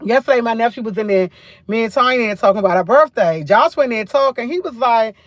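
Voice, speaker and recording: A woman's voice: on the high side, animated, fast talker, no echo. Chatty New woman livestreaming. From New York. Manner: chatty, repeats phrases, rambling storytelling. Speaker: livestream host. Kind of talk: casual live chat.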